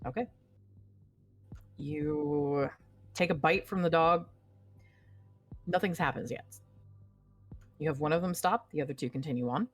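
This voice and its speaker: A woman narrating as game master, making quick rule calls over faint music. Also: deep voice.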